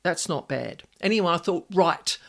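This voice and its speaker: An Australian woman, a paranormal specialist hosting her own podcast, tells a chatty personal story on her own. Her lowish voice is expressive and somewhat creaky at a moderate pace, and she acts out her inner voices.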